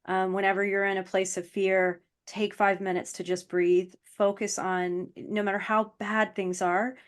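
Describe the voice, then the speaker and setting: A woman guest on an interview podcast, speaking earnestly and from the heart, with frequent ums. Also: on the low side. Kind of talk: casual interview chat.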